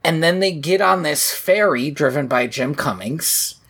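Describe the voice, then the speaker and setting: A woman's voice: low voice, measured pace, slightly rough. A woman co-hosting a casual podcast, recapping a movie with laughter and joking asides. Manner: animated, laughing, swearing, quoting lines in funny voices. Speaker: podcast co-host.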